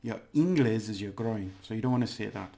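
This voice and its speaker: A man giving a casual video lesson as a language teacher, chatty, laughing often and repeating words slowly to model them. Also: on the low side, fairly even intonation, gravelly, a little mellow.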